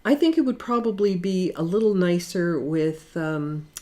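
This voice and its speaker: A middle-aged woman giving a casual watercolor painting demonstration in her studio, talking in a relaxed, chatty way with fillers. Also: fairly low pitch, normal speed. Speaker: watercolor art instructor.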